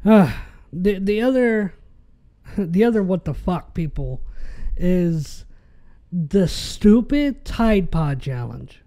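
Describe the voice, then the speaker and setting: High-pitched man ranting on a podcast. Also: very animated, slow, darkish tone. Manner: exasperated, ranting. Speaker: podcast host. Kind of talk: casual podcast rant.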